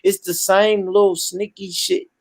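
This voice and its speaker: A man hosting a casual online panel chat, animated and slangy, often repeating himself. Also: high voice, measured pace, no echo, studio quality. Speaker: panel host.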